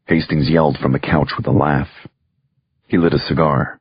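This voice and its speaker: A man narrating a crime thriller audiobook in the first person, steady and measured. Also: rumbling low, husky, no room sound, muffled recording.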